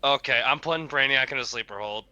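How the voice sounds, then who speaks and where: Brash, bright-voiced man playing a game. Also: medium pitch, fast talker, clean tone, no echo, lo-fi sound. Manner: brash, swearing. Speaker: player. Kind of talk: casual tabletop game talk.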